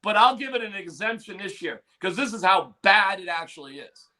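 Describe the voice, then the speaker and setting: A man's voice: high-pitched, lively intonation, fairly quick, bright, forceful tone. A male sports radio host arguing his opinions emphatically, repeating points for emphasis. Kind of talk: sports talk radio debate.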